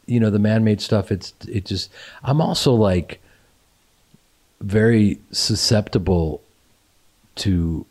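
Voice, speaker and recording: Mellow, halting man with a low voice. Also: slightly rough. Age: 50s. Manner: halting, self-deprecating and earnest. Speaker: podcast host. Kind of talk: casual chat.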